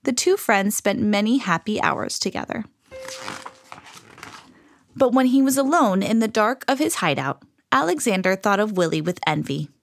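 A woman reads a children's storybook aloud with lively, animated expression. Her voice sits at a medium pitch with some vocal fry, and she keeps a normal speed.

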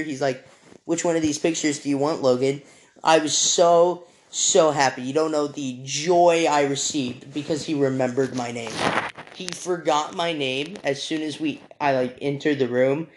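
A young man hosting a podcast, telling a story casually with many fillers, restarts and small apologies. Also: medium pitch. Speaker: podcast host.

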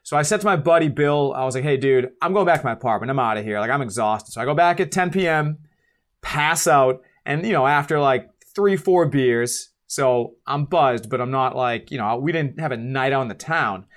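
A medium-pitched man in his twenties talks at a normal speed while guesting on a podcast. Telling a story casually, he animatedly acts out what people said, swears, and chuckles at himself.

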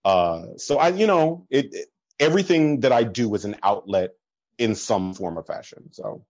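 A man chatting casually as a podcast guest, telling stories full of fillers, laughing often and jumping higher in pitch when he quotes people. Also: moderate pace, no room sound, muffled recording. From American Midwest. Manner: animated storyteller, swings up in pitch when quoting people. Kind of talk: casual chat.

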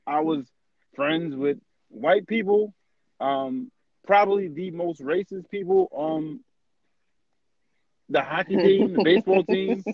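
A man's voice: sits high, lively intonation, slow pace, gravelly, long pauses, dull audio, crowd noise. A young man in casual chat, talking frankly and emphatically, repeating words for stress.

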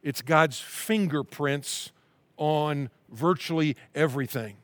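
Man, pastor, sermon, earnest, slow scripture reading, higher voice, dry sound. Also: fairly bright tone, dry recording. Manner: earnest preaching, slows down to read scripture aloud. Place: church at-home broadcast.

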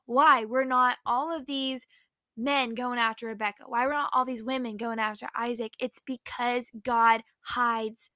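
A young woman retelling a Bible story in a casual, excitable, chatty way and saying "like" often. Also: a little high, measured pace, no echo, clean studio sound. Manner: excitable, chatty, heavy use of "like". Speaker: faith vlogger.

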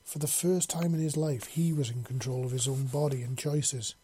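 A man's voice: medium pitch, fairly even intonation, moderate pace, warm tone, a little hiss or hum. A man reading a fan-fiction story aloud in a casual way, with frequent slips and restarts. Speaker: narrator.

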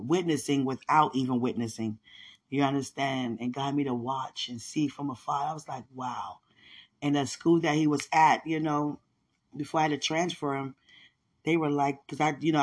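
A woman hosting a podcast, telling a personal faith testimony in casual, animated storytelling. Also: sits low, moderate pace, breathy edge. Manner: animated storytelling, acts out others' words. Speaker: podcast host.

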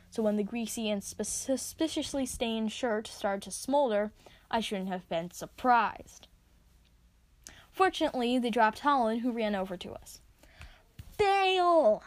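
A woman reading her own story aloud, expressive as she narrates. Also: a little high. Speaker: reader.

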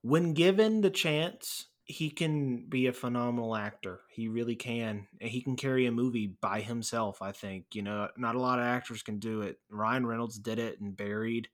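A man's voice: mid-range voice, normal speed, hardly any pauses. A man co-hosting a casual film podcast, talking enthusiastically and animatedly about a movie scene. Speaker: podcast co-host.

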